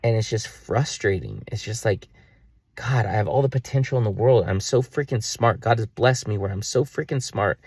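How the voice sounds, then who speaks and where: A man's voice: fairly low pitch, lively intonation, normal speed, gravelly, a little mellow, husky, dry recording, clean studio sound. A man in his thirties talking straight to camera in a personal video diary. He scolds himself in an exasperated, rambling way and swears now and then. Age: 30s. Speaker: vlogger.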